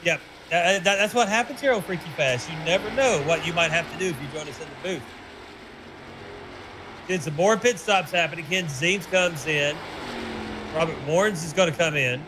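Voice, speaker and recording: A race commentator from Tennessee, a man with a somewhat high voice, calls the laps and pit stops in a loose, joking manner. A steady hiss of background noise sits under his voice throughout. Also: moderate pace. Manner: chatty, joking, teasing his co-host. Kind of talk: sim racing broadcast commentary.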